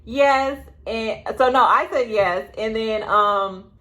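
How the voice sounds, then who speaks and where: A young woman telling a story to her viewers in a casual vlog, rambling and chatty with quick asides. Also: medium pitch, sharp tone. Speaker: vlogger. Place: indoors, sitting at home.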